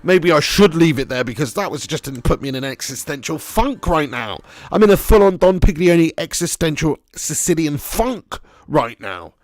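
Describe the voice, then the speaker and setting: A young man live-streaming a football game, commentating excitably, swearing freely and chatting with viewers. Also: on the high side, moderate pace, few pauses, dry recording, studio quality.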